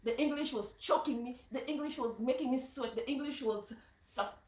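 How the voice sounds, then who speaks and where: A woman with a Luo accent talks through a casual vlog in a slightly high voice, telling stories in a chatty, halting way. She sits some distance from the microphone in a reverberant room. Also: darkish tone. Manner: chatty storytelling, halting with restarts. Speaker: vlogger.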